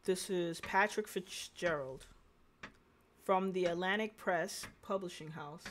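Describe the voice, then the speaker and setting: A woman voicing a courteous male publisher's caller on the phone, formal and pressing, in a slow reading. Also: fairly low pitch, slight background noise. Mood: urgent, polite.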